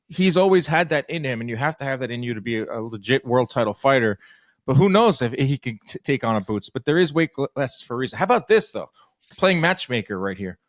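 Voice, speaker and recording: A male podcast host talking boxing at a brisk pace, telling stories and acting out quotes in a mid-pitched voice. The room sounds dry, with the mic close. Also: dry recording. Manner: fast, storytelling, acts out quotes. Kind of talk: casual podcast chat.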